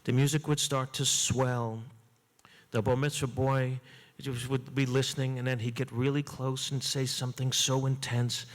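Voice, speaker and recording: A man telling a comic story on stage in an animated way, jumping up in pitch for punchlines. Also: moderate pace. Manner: animated, swoops high for punchlines. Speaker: comedian guest. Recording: long hall reverb.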